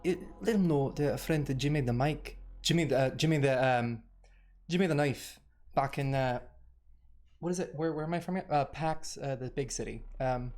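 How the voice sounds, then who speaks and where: A man playing a tabletop game, talking in a hesitant, halting way. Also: mid-range voice, a little mellow. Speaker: player.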